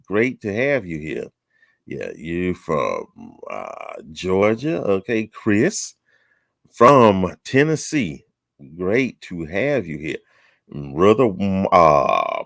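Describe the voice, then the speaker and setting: A very deep-voiced man hosts a relaxed chat show, greeting people with folksy teasing. His voice swings up and down a lot, and the sound is dry and close. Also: gravelly, no room sound. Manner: folksy, teasing, drawling southern talk. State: out of breath. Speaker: host. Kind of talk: casual chat show welcome.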